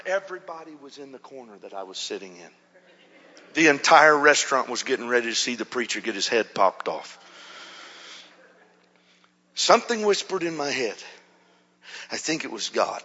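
Man, pastor, animated storytelling sermon, very bright tone, long hall reverb. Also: medium pitch, normal speed, pauses often, husky, lo-fi sound. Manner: animated, acts out quotes with shouts and whispers.

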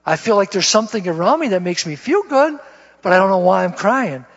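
A man recounts his conversion as a guest testimony in church, folksy and chuckling at himself, his high-pitched voice lively in intonation and a little fast. The dull, lo-fi recording trails long reverb.

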